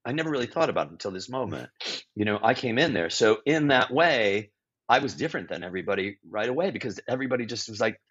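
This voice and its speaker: A man's voice: lowish voice, animated, fast, a bit bright, husky. A man in his sixties, a guest improviser and teacher, telling stories in an interview with frequent restarts, self-corrections and blunt asides. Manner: blunt, occasional swearing. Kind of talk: storytelling interview talk. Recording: dull lo-fi audio.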